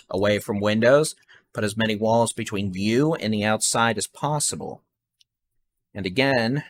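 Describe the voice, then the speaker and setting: Urgent weather broadcaster, bright voice. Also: male voice, medium pitch. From Texas. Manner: fast, urgent, repeats safety instructions. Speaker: live severe weather broadcaster. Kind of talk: live weather warning commentary.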